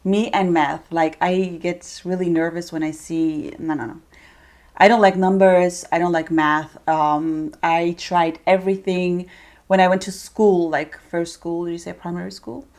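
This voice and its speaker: Chatty, animated young woman vlogger. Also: fairly low pitch, unhurried. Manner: chatty and animated, with playful asides. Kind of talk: casual talk to camera.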